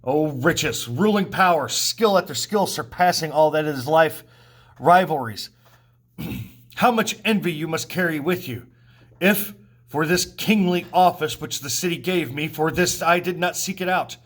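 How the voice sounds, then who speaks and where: Brief: male teacher reading an angry, proud king, accusing and sneering, voice a touch high. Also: unhurried. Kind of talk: reading a play aloud.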